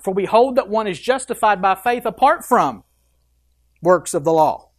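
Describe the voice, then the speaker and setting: A pastor preaching a sermon, reading scripture aloud with emphasis and breaking off for quick asides. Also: medium pitch, animated.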